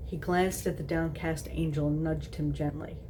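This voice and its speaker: A woman's voice: low voice, steady tone, normal speed, background noise. A woman casually reading a story aloud, stumbling and repeating words, with giggly asides. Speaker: host reading fan fiction aloud.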